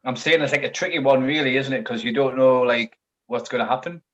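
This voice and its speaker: A man's voice: mid-range voice, brisk, fairly bright tone. A man sounds tentative and leans on fillers. His voice sits mid-range and comes through dull and lo-fi. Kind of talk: casual live panel chat.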